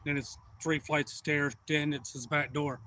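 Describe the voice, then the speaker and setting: A man, rambling through excitable anecdotes on a casual live stream. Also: on the high side, normal speed. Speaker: livestream host. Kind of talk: casual storytelling.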